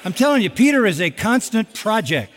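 Middle-aged male pastor, lively sermon delivery, slightly high voice, long hall reverb. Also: brisk, a little hiss or hum. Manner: animated, with sarcastic asides and acted-out quotes.

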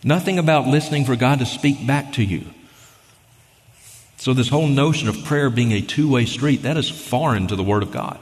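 A man's voice: mid-range voice, normal speed. Emphatic male preacher in a big hall. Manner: emphatic, argumentative, reads scripture aloud. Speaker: guest preacher. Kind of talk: sermon. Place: church sanctuary. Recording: long reverb of a large hall.

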